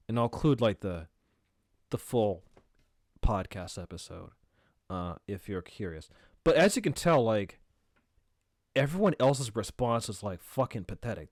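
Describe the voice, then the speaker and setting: A man's voice: fairly low pitch, no echo, studio quality. A man hosting his own podcast, ranting angrily with heavy profanity. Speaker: podcast host. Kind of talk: angry solo commentary.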